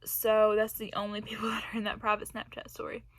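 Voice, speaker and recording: A woman's voice: medium pitch, completely flat delivery, fast talker, no echo. A young woman telling a personal story in a casual vlog, rambling and laughing between phrases. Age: young adult. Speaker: vlogger.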